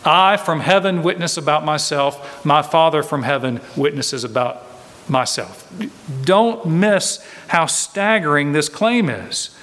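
A man's voice: fairly high pitch, lively intonation, a little slow, fairly bright tone. A man preaching an expository sermon in a church, earnest and emphatic, hammering home his key points by repeating them. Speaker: pastor. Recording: long hall reverb.

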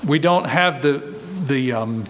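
A man's voice: mid-range voice, slow pace, a little hiss or hum. A man preaching an expository sermon in a church, earnest and emphatic, hammering home his key points by repeating them. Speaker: pastor. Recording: long hall reverb.

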